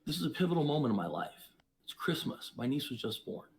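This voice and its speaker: A man's voice: big pitch swings, fast talker. Emphatic man preaching life lessons. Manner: emphatic and preachy, with sharp swings in pitch and loudness. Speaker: podcast guest, investor and entrepreneur. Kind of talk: reflective storytelling.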